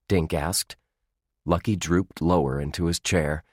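A man narrating a children's storybook with an expressive, lively reading. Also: low voice, measured pace, slightly rough, no echo, clean studio sound.

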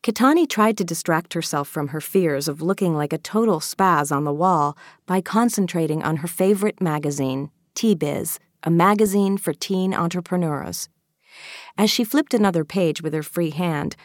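A woman narrating a children's novel as an audiobook reader, in a steady, even storytelling manner. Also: low voice, normal speed, no room sound, clean studio sound. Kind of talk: scripted narration.

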